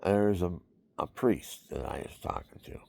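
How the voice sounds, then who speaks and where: A man's voice: sits low, measured pace, vocal fry, darkish tone, no room sound. A man talking in a rambling, repetitive monologue, now and then acting out other people's voices.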